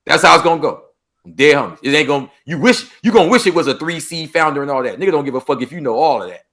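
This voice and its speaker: La guy talking quick on a podcast, kinda high voice, acts out the street talk, swears a lot. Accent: Los Angeles. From Los Angeles. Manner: animated, acts out street dialogue, swears freely. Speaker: podcast guest. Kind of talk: casual interview talk.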